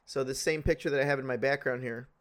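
A man on a casual podcast, telling a story in an animated way with swearing and laughs. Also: mid-range voice, fast talker. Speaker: podcast co-host.

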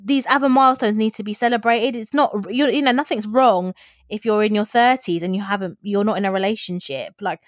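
A woman's voice: mid-range voice, fairly quick, dry recording, clean studio sound. A woman in casual chat, sympathetic and supportive as she responds.

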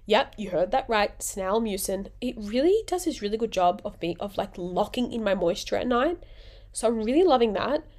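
A woman's voice: medium pitch, animated, normal speed, a little mellow. A woman, hosting a casual solo podcast in a rambling, jokey, self-mocking way, sounding sick and tired. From Australia. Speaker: podcast host.

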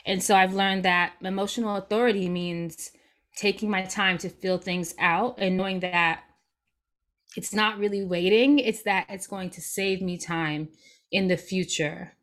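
A woman's voice: medium pitch, steady tone, measured pace, a bit bright. A young adult woman speaking as a guest in a casual interview, reflective and open, with light laughs as she talks.

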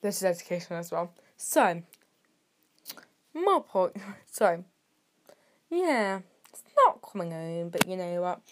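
A British teenage girl hosting her own podcast, rambling and sarcastic, with sudden jumps in loudness. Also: on the low side, sing-song, slow pace, long pauses. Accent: British English. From Britain. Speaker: podcast host. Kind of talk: casual solo podcast chat.

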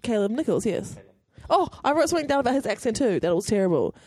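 A woman co-hosting a TV recap podcast in casual chat, animated and full of filler likes. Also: a little high, fast talker, slightly rough, no echo. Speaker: podcast co-host.

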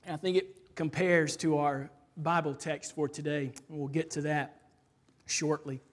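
A woman preacher reading a rhyming children's story aloud with expressive rhythm, then turning to a sermon point. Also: deep voice, measured pace.

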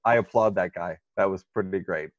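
Man, podcast co-host, low voice, dry muffled lo-fi sound, sarcastic. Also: a little fast, no room sound. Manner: crude, sarcastic, laughs often. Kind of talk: casual podcast chat.

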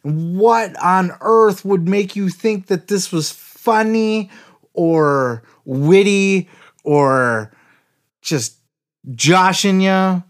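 A man hosting a comedy podcast, swearing freely and ranting with excitable outbursts. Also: high-pitched, slow pace. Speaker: podcast host. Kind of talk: comic podcast rant.

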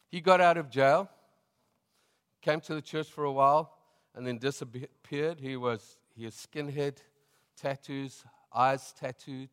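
A middle-aged man with a South African accent, a pastor preaching a sermon and telling stories in a relaxed, chatty way, laughing often. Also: mid-range voice, long reverb tail. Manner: conversational storytelling, laughing often.

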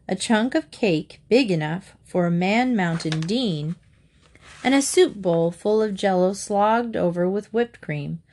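Woman reading a children's storybook. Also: mid-range voice. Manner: clear, steady storytelling. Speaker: narrator.

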